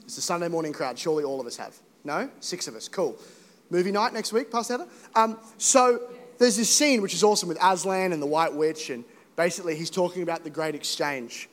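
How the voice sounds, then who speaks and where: A young man preaching an animated, joking sermon to a Sunday congregation. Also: fairly high pitch, brisk. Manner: animated, joking, rising to emphatic exhortation. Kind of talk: energetic sermon. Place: church hall. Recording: echoey hall reverb.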